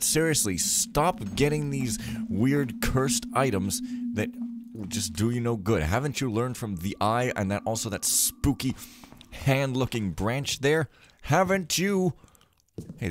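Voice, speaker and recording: A man talking to himself as he plays a stealth game, joking and rambling in loose gameplay commentary. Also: lowish voice. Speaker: let's play host. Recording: clear background noise.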